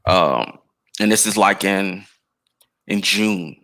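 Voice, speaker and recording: On a podcast, a man from the United States chats casually and spins laid-back, slangy stories. His voice is low and slow, yet pushed and bright.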